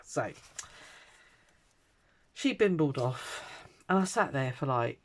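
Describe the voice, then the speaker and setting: A woman's voice: rumbling low, moderate pace, long pauses, slight background noise. A middle-aged woman, rambling through a personal story in casual chat, acting out the voices of the people in it. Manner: rambling anecdotal storytelling, animated quoting. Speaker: crafting vlogger.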